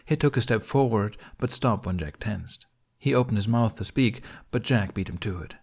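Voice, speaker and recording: A man narrating a fan fiction audiobook in a steady, measured storytelling voice. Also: on the low side, vocal fry, husky. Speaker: audiobook reader.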